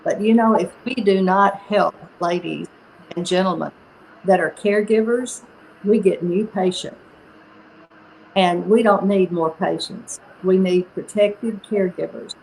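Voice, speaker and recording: An older woman with a Southern US accent, a company founder talking in a casual interview in an unhurried, folksy way with frequent ums. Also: medium pitch, creaky, a little mellow, a little hiss or hum, poor audio.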